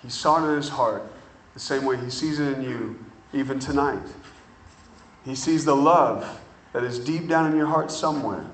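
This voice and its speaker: A man preaching a sermon, telling a story and acting out the people in it, building to excited shouting. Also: medium pitch, normal speed, echoey room, distant mic, rough recording. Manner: builds from calm to shouting excitement, acts out dialogue. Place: church hall with congregation.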